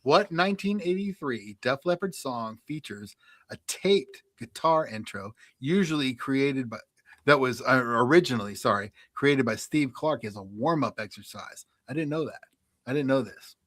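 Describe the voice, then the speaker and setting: A man co-hosting a radio show, chatting casually and running a quiz, animated and laughing as he tells stories. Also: medium pitch, moderate pace, no echo.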